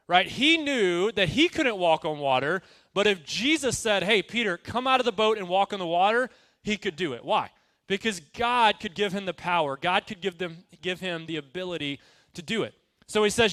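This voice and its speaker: Youth pastor, male, high bright voice, casual energetic sermon style, dry sound. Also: moderate pace, dry recording. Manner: energetic, conversational, asks the room questions.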